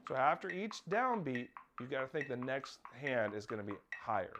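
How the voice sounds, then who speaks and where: A man's voice: medium pitch, fairly quick, hardly any pauses, over loud music. A man teaching a snare drum lesson, counting off and calling out rhythms and stickings. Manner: counts off and calls out rhythms, sometimes shouting over drums. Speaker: percussion teacher. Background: snare drumming.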